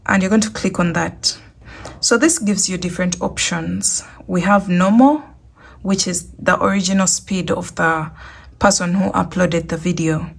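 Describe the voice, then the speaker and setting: Low gravelly woman explaining. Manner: chatty, repeats instructions. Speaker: crochet tutorial host. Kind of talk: casual screen tutorial.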